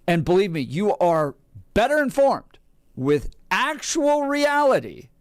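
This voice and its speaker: A man's voice: high-pitched, very animated, measured pace, no room sound. A man hosting a talk radio show, recapping the day's segments and bantering casually with his co-host into a studio microphone.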